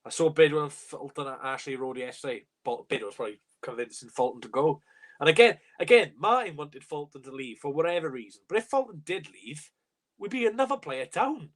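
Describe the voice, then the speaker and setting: A young man with a slightly high voice rants on a live reaction stream. He talks bluntly and swears a lot, exasperated and casual. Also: lively intonation, a little fast. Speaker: fan channel host.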